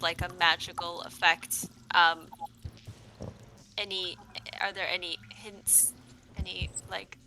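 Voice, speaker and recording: A woman's voice: mid-range voice, noisy background. A woman playing a tabletop game, asking questions and thinking aloud. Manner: inquisitive, thinking aloud with fillers. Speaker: player. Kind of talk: casual tabletop game chat. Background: clear background music.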